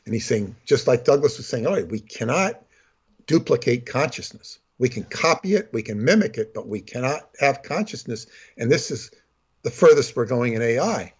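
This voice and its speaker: A husky-voiced man rambles through a casual chat, restarting his sentences and slipping into character voices. His voice comes through dull, lo-fi call audio. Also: medium pitch, lively intonation, normal speed. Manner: rambling, full of fillers and restarts, acts out voices.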